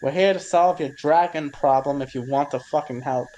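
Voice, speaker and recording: A man's voice: medium pitch, measured pace, darkish tone, close to an everyday voice, poor audio. Brief: exasperated young spellcaster at her limit, half screaming, played by a male tabletop player. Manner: fed-up, pleading, screaming. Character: exasperated young female sorceress screaming in frustration.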